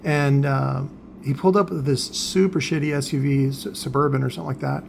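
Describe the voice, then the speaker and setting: A man's voice: medium pitch, steady tone, brisk, gravelly, a little hiss or hum. An older man ranting bluntly and scornfully, swearing freely in a vlog. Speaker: car audio seller.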